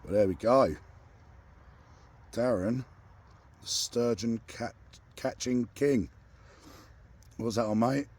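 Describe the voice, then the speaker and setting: A man with a croaky voice, chatting and bantering as he commentates a fishing session outdoors. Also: mid-range voice, takes it slowly, pauses often, darkish tone. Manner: banters and asks questions. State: croaky after losing his voice to a cough. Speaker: angler and channel host. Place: lakeside outdoors.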